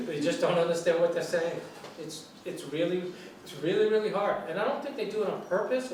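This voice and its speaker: An older man with a New York accent, a guest lecturer answering student questions in a relaxed, rambling way with fillers and restarts. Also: high voice. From New York City. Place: large lecture room. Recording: echoey room, far mic, faint noise.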